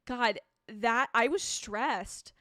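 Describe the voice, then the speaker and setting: Excitable young woman gushing on a live stream. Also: a little high, drawn-out words, no echo, clean studio sound. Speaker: TV reviewer hosting a live stream. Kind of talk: live reaction chat, reading viewer comments.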